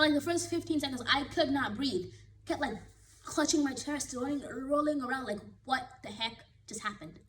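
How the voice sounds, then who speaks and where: A woman vlogger telling a personal story in a casual, animated and dramatic way. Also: a little high, slight background noise, poor audio.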